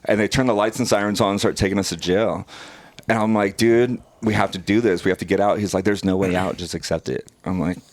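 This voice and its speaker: A man's voice: on the low side, a little fast. A man, a former pararescue operator, telling a wild story as a podcast guest, swearing freely and laughing as he goes. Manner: profane, animated, laughs through the telling. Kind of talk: casual storytelling.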